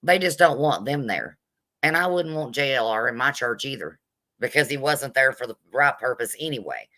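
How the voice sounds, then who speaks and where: Blunt, sassy woman with a bright voice. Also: a bass voice, expressive, moderate pace. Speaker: vlogger. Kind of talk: live commentary rant, greeting viewers.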